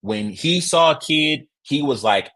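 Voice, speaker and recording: A man hosting a sports podcast, telling stories in a casual, excitable way and often tossing in "right?" asides. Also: a little high, a little slow. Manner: excitable, acts out quotes with loud shouts; conversational, rhetorical asides like "right?". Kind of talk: casual sports reaction and storytelling.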